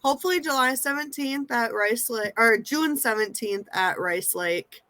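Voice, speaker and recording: A woman's voice: on the high side, moderate pace, sharp tone, no echo. A young woman with a Minnesota accent, a race car driver giving brief, easygoing answers in an interview.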